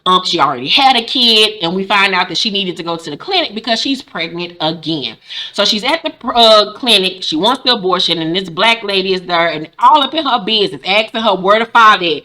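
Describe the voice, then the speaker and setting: A woman in her forties recapping a TV episode casually, animated and profane, acting out the characters' lines. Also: medium pitch, brisk. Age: 40s. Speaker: recap host.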